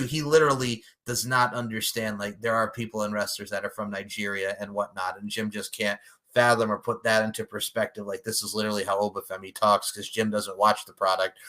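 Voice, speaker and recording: Bright-voiced man cohosting a podcast. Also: fairly low pitch, fairly quick. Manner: animated, swears, laughs often. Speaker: podcast co-host. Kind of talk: casual wrestling podcast chat.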